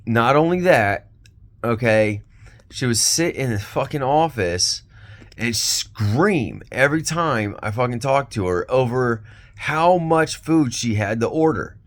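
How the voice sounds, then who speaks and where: A man's voice: mid-range voice, animated, slow pace. A man angrily telling a rambling, profane story about an exploitative former boss, full of fillers and restarts. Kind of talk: ranting storytime vlog.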